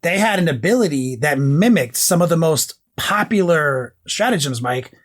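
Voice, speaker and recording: A man's voice: a little high, expressive, moderate pace. Hyped, swearing guy on a podcast. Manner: rambling, profane, hyped. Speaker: podcast co-host. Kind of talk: casual podcast chat.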